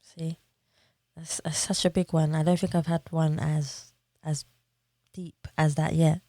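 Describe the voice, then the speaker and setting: A woman hosts a podcast interview, asking questions and adding short, encouraging remarks. Her voice sits very low for a woman. The sound is close and dry. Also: level tone, a little slow, dark tone, no echo. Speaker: podcast host.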